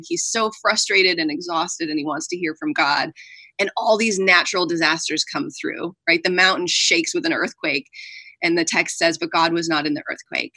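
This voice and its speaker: Bright, earnest woman author in interview. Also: lowish voice, dry recording. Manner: earnest and animated, often uses "like" and "right". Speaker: author and guest. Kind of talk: conversational interview.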